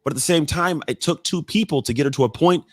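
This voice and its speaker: A man in his thirties, a podcast guest, telling personal stories in an animated, blunt way with casual swearing. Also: a little high, fast, no room sound. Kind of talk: casual storytelling in conversation.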